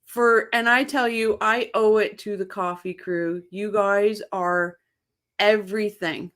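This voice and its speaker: A woman runs a relaxed live commentary stream, her voice at an ordinary mid pitch. She talks slowly, lingering on her words, and breaks into laughter as she reacts to comments from her viewers. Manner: chatty, laughs often, reads viewer comments aloud; excitable. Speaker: livestream host. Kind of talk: casual live-chat commentary.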